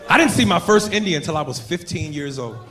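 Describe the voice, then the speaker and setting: A man's voice: fairly high pitch, expressive, fast talker, background noise. A man doing a brash, profane stand-up routine on a comedy club stage. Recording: live club with crowd laughter.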